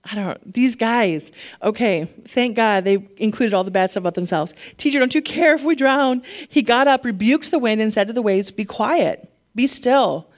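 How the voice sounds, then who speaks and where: A woman pastor preaching a sermon, animated and laughing often, getting emotional at times. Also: mid-range voice, moderate pace.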